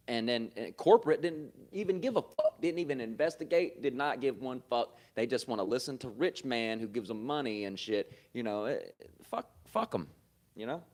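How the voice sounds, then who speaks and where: Male podcast host, casual cussing storyteller, animated bursts and laughter. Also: medium pitch, normal speed. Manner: loose, swearing, laughs often, animated bursts. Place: comedy club.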